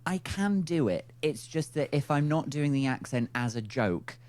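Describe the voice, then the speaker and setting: A man with an English accent hosting a podcast in casual chat, playful and quick to laugh. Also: a little high. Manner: laughs often, lively and playful. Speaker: podcast host.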